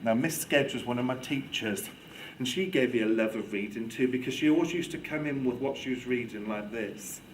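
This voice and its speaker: A man giving a lively, theatrical talk to a student audience on children's reading, playing for laughs. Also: mid-range voice, fairly quick, slight background noise, low-quality recording. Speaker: guest speaker on children's reading. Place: lecture room with audience.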